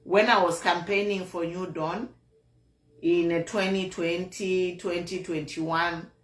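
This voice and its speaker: A woman with a Zambian accent delivers a slow, unhurried political monologue as host of an online show. She talks earnestly and repeats herself, with a disappointed tone. Her voice carries a noticeable room echo. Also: lowish voice, steady tone.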